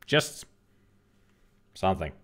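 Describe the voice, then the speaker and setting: A man's voice: slow pace, fairly bright tone. A man giving casual, rambling let's-play commentary as a streamer, joking and now and then swearing. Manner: chatty, rambling, jokey, occasional swearing.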